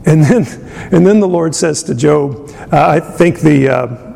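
A man preaching a conversational sermon, chuckling often and filling pauses with ums and uhs. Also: vocal fry, warm tone. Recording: long hall reverb, faint rumble.

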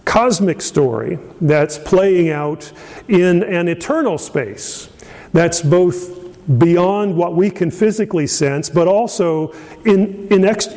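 A middle-aged pastor from Indiana preaches a sermon in a friendly, storytelling way. He pauses with fillers and restarts often, and his voice sits a little high. A long reverb from the hall trails after his words. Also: dark tone. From Indiana, USA.

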